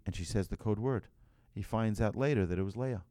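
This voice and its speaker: A man's voice: on the low side, fairly quick, mellow, no room sound, clean studio sound. A man, a rabbi, telling a story in a sermon, acting out the voices and often restarting his phrases.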